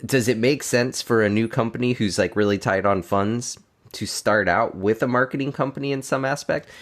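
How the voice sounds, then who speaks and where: A man's voice: medium pitch, normal speed. A man co-hosting a podcast, asking the guest questions casually and rephrasing himself as he goes. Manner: searching, restarts questions. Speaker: podcast co-host.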